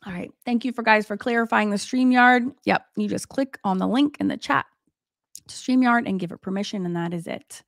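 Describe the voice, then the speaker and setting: A woman's voice: medium pitch, fairly quick, creaky, no room sound. A woman in her forties, an art teacher hosting a livestream, chatting casually with many fillers and laughs.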